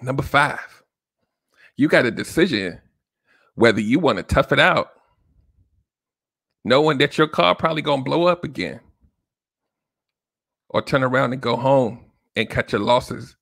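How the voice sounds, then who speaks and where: Animated man giving relationship advice. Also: medium pitch, creaky, no echo, clean studio sound. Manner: casual, animated, talks to listeners directly with frequent "right?". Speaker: podcast host. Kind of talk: solo relationship advice talk.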